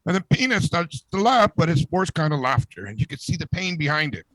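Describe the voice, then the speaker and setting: Man reading a joke aloud, animated. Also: on the high side, brisk, no echo, low-quality recording. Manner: animated storytelling, laughing at own joke. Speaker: podcast co-host. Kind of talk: reading a long joke aloud, casual chat.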